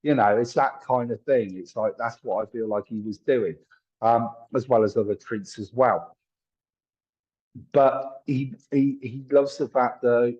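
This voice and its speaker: Husky-voiced man, chatty psychic. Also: medium pitch, measured pace, darkish tone, lo-fi sound. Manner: chatty, apologetic, thinks aloud with many fillers. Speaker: psychic medium. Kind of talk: live-streamed psychic reading.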